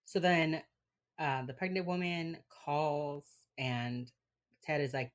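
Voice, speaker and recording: A woman with a Miami Cuban-American accent and a very deep voice co-hosts a podcast in loose, casual chat. She talks in a laid-back way, with lots of fillers and swearing. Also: slow pace. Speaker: podcast co-host. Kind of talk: casual chat recapping an episode.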